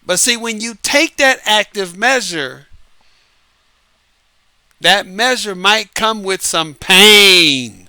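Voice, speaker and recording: A man hosting his own show as an author, giving a casual, lively monologue, repeating himself and laughing often. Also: high voice, slow pace, pauses often, smooth, no echo. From United States. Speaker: podcast host and author. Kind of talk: casual late-night monologue. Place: Southern California.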